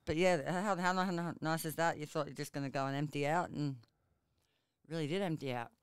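A woman's voice: deep voice, steady tone, moderate pace, smooth, no echo, studio quality. An Australian woman from the Brisbane area, a podcast guest telling crude stories in casual chat and laughing often. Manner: laughing storyteller, crude humour.

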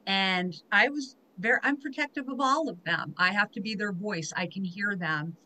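A woman's voice: mid-range voice, normal speed, pushed and bright, rough recording. A woman hosting a podcast interview, sharing heartfelt, emotional stories in a conversational way. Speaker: podcast host.

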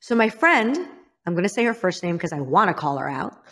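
A woman's voice: lowish voice, animated, fairly quick, fairly bright tone. A woman from Illinois, a guest in an interview, telling a frank personal story and often calling herself out. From Illinois, United States. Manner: frank, self-critical, acts out others' lines.

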